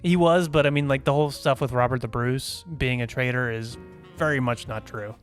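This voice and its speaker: A man's voice: medium pitch, fairly even intonation, a little fast, smooth, soft background music. A man co-hosting a casual movie podcast, giggling often and rambling with lots of "like" and "you know". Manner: giggly, filler-heavy rambling. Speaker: podcast co-host.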